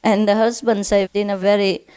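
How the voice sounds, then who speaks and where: A woman telling a series of jokes in an unhurried, chuckling storytelling manner. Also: mid-range voice, little pitch movement, mellow, clean tone. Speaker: spiritual teacher.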